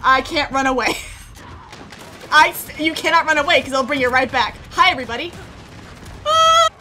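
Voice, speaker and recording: A woman giving excitable, self-deprecating commentary over her own gameplay, laughing often. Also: sits high, normal speed. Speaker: gaming video creator.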